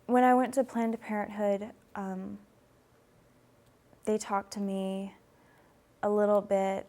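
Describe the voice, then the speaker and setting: A woman calmly recounting a personal experience in a measured, hesitant way, with many pauses. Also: medium pitch. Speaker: interviewee sharing personal story. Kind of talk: personal testimony.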